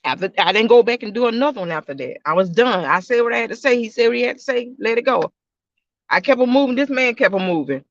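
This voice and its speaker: High-voiced man, loose casual vlog talk. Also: expressive, fast talker, vocal fry, fairly bright tone, no room sound, lo-fi sound. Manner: rambling, repeats himself, talks straight to viewers. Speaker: YouTube reaction channel host.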